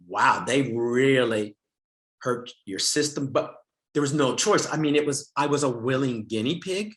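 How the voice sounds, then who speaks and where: A man's voice: medium pitch, a bit bright. A middle-aged man speaking at a summit, telling a frank personal story with self-mocking humor and frequent restarts. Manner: candid storytelling, laughs at himself, many restarts and fillers.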